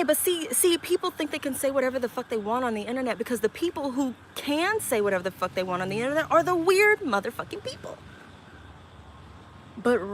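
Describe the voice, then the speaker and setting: A young woman live-streaming, chatting casually with her viewers, reading their comments aloud and answering bluntly with a lot of swearing and quick laughs. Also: a little high, background noise. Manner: blunt and profane, reading chat aloud and snapping back; quick laughs and sudden loud outbursts.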